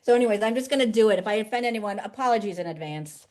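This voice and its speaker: A woman who writes poetry for children, chatting lively in an interview over a video call. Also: medium pitch, racing, hardly any pauses. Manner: lively, chatty, laughs easily. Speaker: children's poet and author. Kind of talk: casual interview chat.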